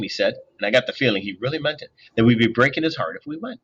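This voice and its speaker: A man reading a novel aloud in an expressive, storytelling manner. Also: medium pitch, fast, few pauses, highs cut off, a little hiss or hum. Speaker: audiobook reader.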